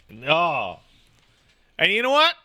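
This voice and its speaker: A man in loose casual chat, talking in a slightly raised register with a bright, forceful edge. He rambles and swears freely, leaning on "like" as he acts out the voices in his stories. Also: fairly high pitch. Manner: profane, rambling, animated storytelling with acted-out quotes; filler-heavy, says "like" constantly.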